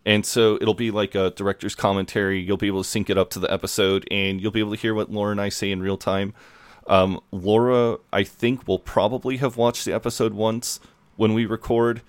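Deep-voiced man chatting on a podcast. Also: flat delivery, a little fast, clear, resonant tone, dry recording. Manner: swears freely, restarts often. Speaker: podcast co-host. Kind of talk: casual chat.

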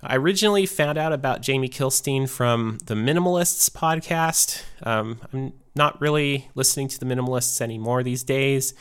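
A man's voice: mid-range voice, moderate pace, few pauses, a bit bright, clean tone. A man casually reviewing podcasts, rambling a little with many fillers and light laughs. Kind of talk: casual chat.

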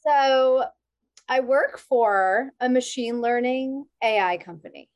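A woman's voice: high-pitched, takes it slowly, no echo. A woman in her thirties telling stories in casual chat as a podcast guest, laughing often. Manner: chatty storyteller, laughs often.

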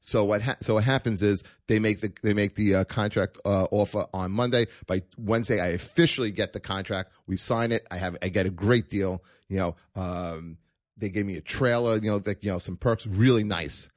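Man, low voice, rambling anecdote, frequent restarts, dry sound. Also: steady tone, normal speed, no echo. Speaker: podcast guest actor. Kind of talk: casual storytelling chat.

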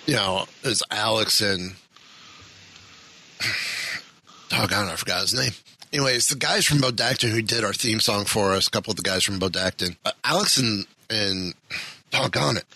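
Bright-voiced rambling podcast host man. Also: on the low side, moderate pace, pauses often, husky, poor audio. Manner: rambling, self-deprecating, loses his train of thought. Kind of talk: casual podcast chat. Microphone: studio podcast mic.

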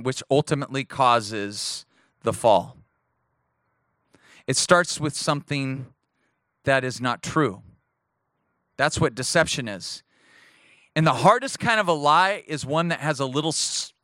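High bright-voiced preacher man. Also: no room sound, clean studio sound. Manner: animated, acts out voices in stories. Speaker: pastor. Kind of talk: sermon with scripture reading. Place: church.

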